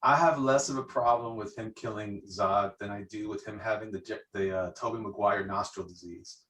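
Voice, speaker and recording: A man's voice: lowish voice, steady tone, moderate pace, a bit bright, distant mic. A man on a casual podcast, making wry, joking asides. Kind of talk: casual chat. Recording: roomy with background noise.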